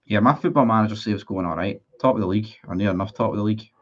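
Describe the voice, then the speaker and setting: A man's voice: fairly low pitch, very fast, lo-fi sound. A man in a casual livestream, reading out viewer comments and answering them in a blunt, sweary, sarcastic way. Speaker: football fan streamer.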